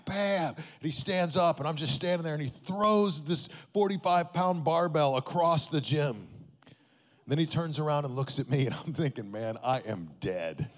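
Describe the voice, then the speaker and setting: A man's voice: mid-range voice, in a large hall. A man, a pastor, telling a story in a sermon in a conversational way, often checking in with his listeners.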